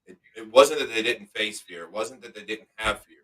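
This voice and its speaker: Guy hosting a podcast, low-ish bright voice, pumped up and swearing, a bit far from the mic. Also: normal speed. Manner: emphatic, motivational, swears freely. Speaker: podcast host. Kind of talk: casual chat.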